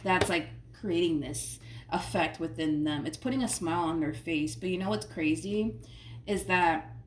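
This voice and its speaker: Excitable woman reading tarot, roomy sound. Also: fairly low pitch, moderate pace. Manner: emphatic, repeats phrases, slangy and excitable. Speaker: tarot reader. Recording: roomy sound from a distant mic, faint noise.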